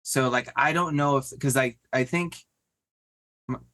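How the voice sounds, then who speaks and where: A man co-hosts a podcast in loose, casual chat, circling his thoughts with plenty of "like" fillers. His voice sits at an ordinary middle pitch for a man. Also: measured pace, bright, forceful tone. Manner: rambling, heavy on "like" fillers. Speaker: podcast co-host.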